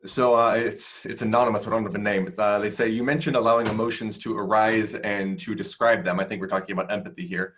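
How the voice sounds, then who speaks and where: A man's voice: lowish voice, steady tone, fast, hardly any pauses, a bit bright, a little hiss or hum. A man moderating a live webinar, reading audience questions in brief, hesitant phrasing.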